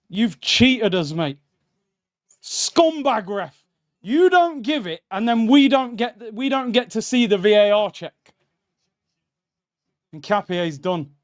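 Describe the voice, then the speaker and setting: On a streaming mic, a young man hosts a live football watchalong, reacting heatedly and calling his viewers lads and bro. His voice is high with a darkish tone.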